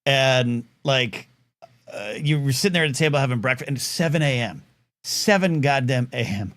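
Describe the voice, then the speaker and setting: This middle-aged man, hosting a live talk show, speaks at medium pitch and a moderate pace. He tells a long, rambling story full of fillers and restarts, animatedly acting out the voices of the people in it in a casual storytelling monologue.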